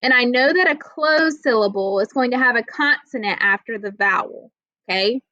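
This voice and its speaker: A woman's voice: a little high, normal speed, sharp tone, dry recording. A woman teaching children a reading lesson, explaining patiently step by step and checking in with "okay?". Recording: dull lo-fi audio.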